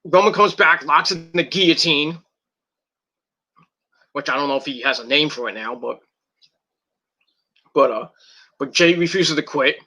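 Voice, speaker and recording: A man's voice: a little high, measured pace, long pauses, sharp tone. A man recapping and reviewing a wrestling event in a casual, rambling way, with lots of fillers, restarts and swearing.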